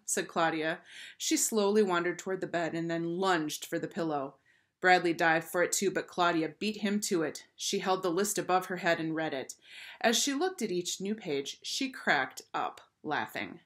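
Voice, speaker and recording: A woman reads a children's chapter book aloud in a clear, steady voice. Her pitch sits on the lower side, and she narrates calmly between the characters' lines. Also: moderate pace. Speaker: storybook reader.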